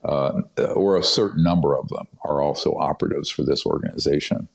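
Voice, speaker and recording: A man's voice: extremely low pitch, fairly quick, vocal fry. An older man giving a long interview answer, telling his story in an emphatic, conspiratorial way, often restarting his sentences with fillers. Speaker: podcast guest. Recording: dull, muffled podcast audio.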